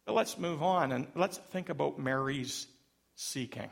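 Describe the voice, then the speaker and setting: Middle-aged male pastor, sermon, slightly high gravelly voice, dramatic swings. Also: expressive, unhurried. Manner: dramatic, varied delivery with sudden loud rises and soft drops.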